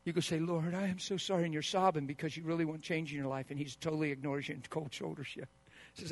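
A man pastor preaching a sermon, swinging between hushed asides and loud bursts and acting out the quoted voices of spouses. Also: fairly high pitch, fairly even intonation, brisk, no room sound.

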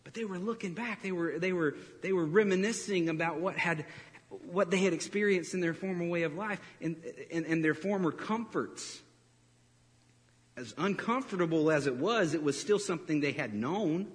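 Man, pastor, sermon, animated storytelling, high voice, church hall reverb. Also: normal speed. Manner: animated storytelling with laughs and acted-out quotes.

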